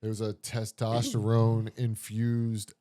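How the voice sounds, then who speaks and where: Low-voiced man in a dry, close recording. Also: monotone, slow pace, mellow, no echo. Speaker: podcast co-host. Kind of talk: casual chat.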